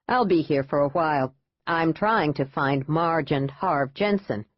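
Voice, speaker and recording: A man's voice: fairly high pitch, unhurried, no room sound. A woman reading an audiobook, voicing a persistent male private investigator who speaks in polite, clipped, probing lines. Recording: dull dry lo-fi audiobook.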